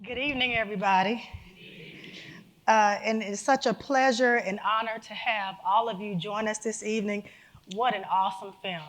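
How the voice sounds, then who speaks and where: A woman's voice: mid-range voice, steady tone, normal speed, a bit bright, a little hiss or hum. Upbeat woman moderator running a live panel in a museum auditorium.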